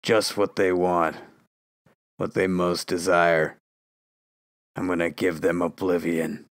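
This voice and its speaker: A man's voice: lowish voice, fairly even intonation, moderate pace, dry recording, studio quality, lightly acted. An actor playing a fanatical male psychiatrist who lectures and builds into a ranting tirade, in an audio drama. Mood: softly menacing.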